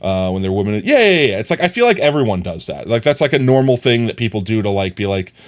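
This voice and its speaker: Animated, chatty male streamer. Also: lowish voice, quick pace. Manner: animated, chatty, many fillers. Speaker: livestreamer. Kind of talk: casual chat with viewers.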